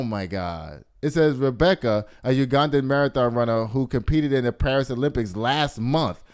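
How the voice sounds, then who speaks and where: A man hosting a casual gossip news show, sassy and animated, laughing often and calling his listeners y'all. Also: medium pitch, clean tone. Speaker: host.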